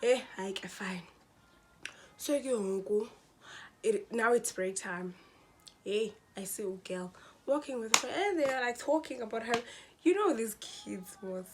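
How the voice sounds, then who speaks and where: Animated young woman. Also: on the high side, unhurried, long pauses, noisy background. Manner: animated, dramatic, mixes in slang and addresses viewers as guys. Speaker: vlogger. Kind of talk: storytime vlog.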